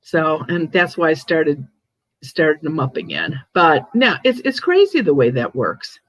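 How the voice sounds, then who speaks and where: An older woman hosting a casual chat, telling stories in a chatty, animated way with frequent restarts. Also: deep voice, measured pace, no echo, low-quality recording. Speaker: host, ghost medium.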